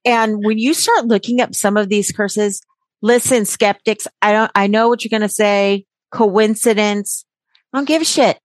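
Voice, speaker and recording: Woman podcast host, mid-pitched, brash and profane, casual banter, dry close mic. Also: normal speed, no echo. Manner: brash, jokey, swears freely with sarcastic asides.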